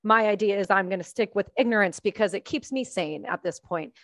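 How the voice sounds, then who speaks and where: A woman from Canada hosting a conversational interview, earnest and animated as she thinks aloud. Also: mid-range voice, brisk, no echo. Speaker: podcast host.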